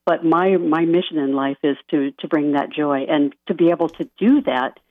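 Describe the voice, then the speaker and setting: A woman guest on a radio interview, a life coach, talking softly and earnestly and laughing lightly now and then. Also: low voice, moderate pace, no room sound. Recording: dry tinny phone-line sound.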